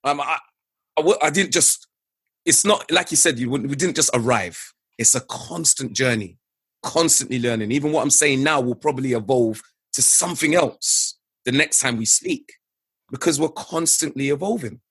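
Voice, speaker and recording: Husky, earnest man, dry close sound. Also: medium pitch, normal speed, fairly bright tone, no echo. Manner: earnest, reflective, repeats key phrases for emphasis. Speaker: guest, father. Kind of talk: candid conversational interview.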